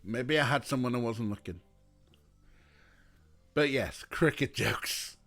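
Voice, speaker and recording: A man streaming a point-and-click game, chatting lively and laughing easily between lines of dialogue. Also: mid-range voice, slow pace. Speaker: let's play streamer. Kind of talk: game commentary, reading dialogue aloud.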